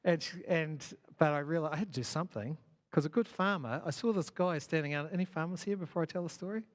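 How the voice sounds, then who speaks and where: A man speaks to a church gathering, his voice sitting a little higher than most men's. He talks loosely and conversationally, tosses questions to the crowd and laughs at his own failings. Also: quick pace. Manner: conversational, self-deprecating, asks the audience questions. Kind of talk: conference talk to an audience. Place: church hall.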